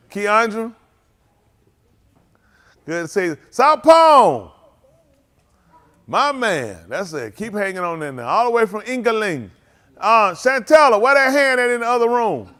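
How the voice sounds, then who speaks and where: A man's voice: high-pitched, sharp tone. A man, leading a congregation and greeting livestream viewers by name in a joking, teasing, casual way. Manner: joking, teasing, calls out names.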